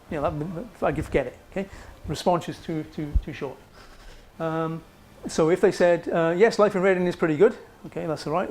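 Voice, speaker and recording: A man's voice: fairly high pitch, darkish tone. A man giving a university psychology lecture in a conversational way, often checking in with "okay" and fillers. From Wales. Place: lecture room.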